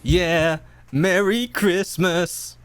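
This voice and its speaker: Man, a little higher than usual, playful table-read reader for a radio-play parody. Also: steady tone, extremely slow, clear, resonant tone.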